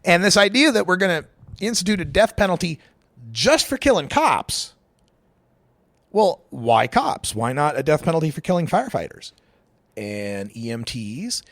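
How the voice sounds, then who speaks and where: A man's voice: a little high, big pitch swings, normal speed, a bit bright, no echo. A middle-aged man from Idaho, hosting a talk radio show and giving emphatic, opinionated political commentary with sarcastic asides.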